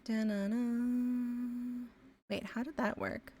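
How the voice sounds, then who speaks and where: A woman from Ontario, chatting casually as a live streamer while she draws. She thinks aloud with many fillers and often trails off into quiet mumbles. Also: on the high side, level tone, takes it slowly. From Canada, Ontario. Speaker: live streamer and pixel artist. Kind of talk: casual chat while drawing.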